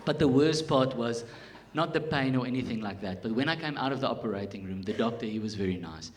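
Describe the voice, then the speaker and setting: A South African man in his thirties doing a stand-up set on a theatre stage, telling a story with animated swings in volume. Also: medium pitch, quick pace. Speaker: stand-up comedian. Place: theatre stage, live audience. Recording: live theatre recording with hiss.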